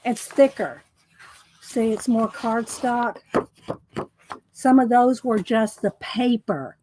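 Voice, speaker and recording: A woman talks in a loose, rambling way as she shows off her drawings. Her voice sits a bit high and she sounds a little out of breath. A faint hiss of noise stays under the recording. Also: takes it slowly, dark tone, rough recording. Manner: chatty, rambling, says y'all. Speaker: artist vlogger. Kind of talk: casual chat while showing artwork.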